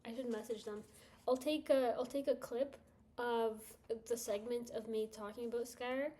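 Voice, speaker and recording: A woman's voice: a little high, fairly even intonation, moderate pace, mellow. A woman livestreamer chatting casually with her viewers, rambling and laughing often.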